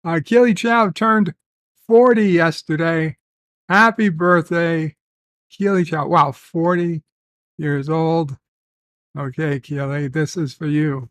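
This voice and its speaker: Slow, rambling male livestream host. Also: fairly high pitch, steady tone, no room sound. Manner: reads chat aloud with filler pauses, rambling stories. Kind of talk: casual livestream chat, reading viewer comments.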